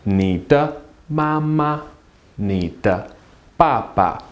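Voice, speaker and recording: A man hosting a beginner language lesson, speaking at an unhurried, deliberate pace. He is upbeat and repeats each new word several times so learners can follow. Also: mid-range voice, expressive, muffled recording. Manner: upbeat, drills words slowly with repetition. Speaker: Chinese language teacher. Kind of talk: classroom-style language lesson.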